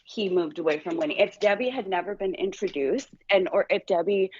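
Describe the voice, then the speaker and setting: A woman's voice: medium pitch, a little fast, a little mellow, husky. A woman guest in a casual chat, talking things through with restarts. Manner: chatty, explaining with restarts. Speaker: podcast guest. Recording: dull lo-fi sound.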